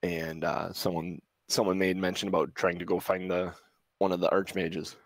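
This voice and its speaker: A man narrates a tabletop game as its game master, his voice deep and gravelly. He halts and searches for words as he describes the scene. The sound is dry and close. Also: little pitch movement, moderate pace, no room sound.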